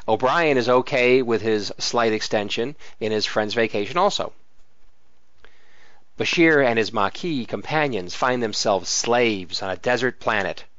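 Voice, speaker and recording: Man, relaxed podcast co-host, dry dull home mic. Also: mid-range voice, no echo. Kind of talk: casual chat and read synopsis.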